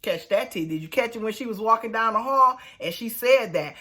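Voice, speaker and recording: Animated woman recapping reality TV. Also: a little high, brisk, few pauses. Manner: animated, exclaiming, colloquial. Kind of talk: casual review commentary.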